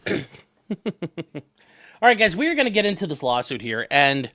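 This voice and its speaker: A man's voice: mid-range voice, big pitch swings, normal speed, pauses often, bright, forceful tone. A man hosting a casual livestream from home as a lawyer, rambling and chatty, breaking off to coo at his pets. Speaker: attorney and livestream host.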